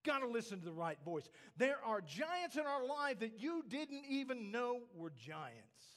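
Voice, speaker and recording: A man's voice: very high voice, big pitch swings, unhurried, fairly bright tone. A man preaching a sermon, emphatic, asking the congregation rhetorical questions. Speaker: pastor.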